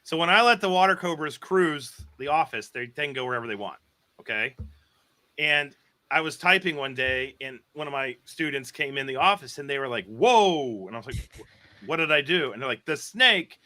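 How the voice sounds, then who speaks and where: A man who is a biology professor, guest on a podcast, telling animated stories with laughter and casual swearing. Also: medium pitch, a little fast. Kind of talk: animated storytelling.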